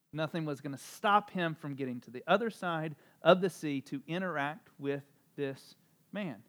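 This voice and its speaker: A man preaching a sermon in a conversational style, with asides and humor, swinging between loud emphasis and soft, low delivery. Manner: conversational, animated, with asides and self-deprecating humor. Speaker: pastor.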